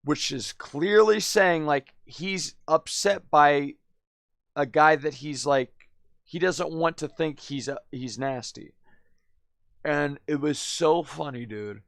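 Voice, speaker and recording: A man's voice: fairly high pitch, takes it slowly, creaky, no room sound. A man live streaming, telling a story in a rambling, slangy way, constantly saying "dude" and "man". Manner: laughs often, drifts loud then quiet.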